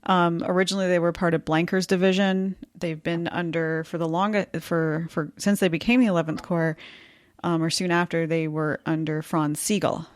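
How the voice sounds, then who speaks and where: A woman co-hosts a history podcast in an easy conversational tone. Her voice sits on the low side, and she laughs easily at her own slips. The sound is dry and close, with no room around it. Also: level tone, normal speed, no room sound. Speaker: podcast co-host. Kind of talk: casual history podcast chat.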